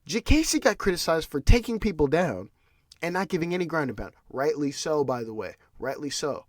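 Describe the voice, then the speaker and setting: Animated ranting man, dry close sound. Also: fairly high pitch, brisk, no room sound. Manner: ranting, animated, with restarts and repeated words. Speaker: podcast host. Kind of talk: casual solo commentary.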